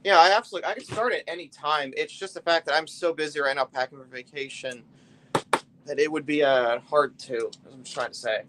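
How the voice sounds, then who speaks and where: Chatty man with a slightly high voice. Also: brisk, noisy background. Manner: rambling, loose and talkative, often trailing off. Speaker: live streamer building a brick set. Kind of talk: casual live-stream chat.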